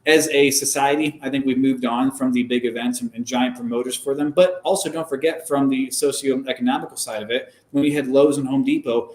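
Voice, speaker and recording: Man in an echoey room explaining racing. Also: mid-range voice. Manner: measured, explanatory, frequent "um" fillers. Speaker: guest, former race car driver. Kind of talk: casual conversational interview. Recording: roomy echo.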